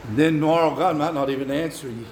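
Older southern preacher guy, high voice, yells and drags his words out, echoey church room w/ faint hiss. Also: a crowd in the background. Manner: shouting, drawn-out exhortation with folksy asides. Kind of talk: sermon.

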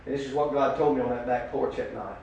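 A man preaching a testimony sermon, swinging from shouts to hushed talk. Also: medium pitch, steady tone, fast. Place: church hall. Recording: echoey hall from far off.

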